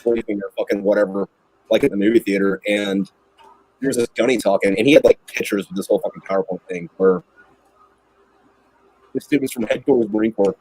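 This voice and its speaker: A man trades crude barracks stories in relaxed podcast chat, laughing and swearing freely. His voice sits at an average pitch, recorded dry and close with no room sound. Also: fairly quick, creaky, long pauses, husky, no echo, low-quality recording. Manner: profane, laughing anecdotes. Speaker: podcast guest. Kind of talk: casual storytelling chat.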